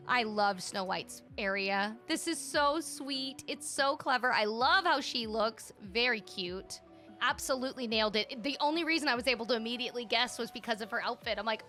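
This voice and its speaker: A woman streamer commenting excitedly on a game, gushing and thinking aloud as she tours player-made spaces. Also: a little high, moderate pace, soft background music.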